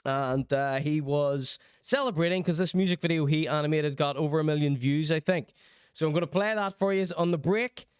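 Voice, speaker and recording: A man hosts a casual livestream, working himself into theatrical, mock-outraged rants. His voice is smooth and resonant, sitting a little high for a man. It is recorded close and dry. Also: brisk, dry recording. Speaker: streaming show host.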